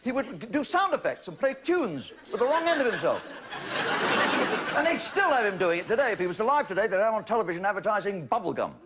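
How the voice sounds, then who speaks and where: Comic with booming audience laughter. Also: male voice, sing-song, very noisy. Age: 60s. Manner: quick, mocking, building to punchlines. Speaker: comedian host. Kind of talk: stand-up comedy routine. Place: TV studio with a live audience. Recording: loud audience laughter behind.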